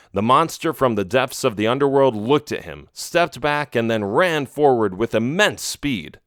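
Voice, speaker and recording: A man reading a children's adventure audiobook in a steady, measured way. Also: mid-range voice, clean tone, dry recording, clean studio sound. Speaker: audiobook narrator. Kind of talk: storybook narration.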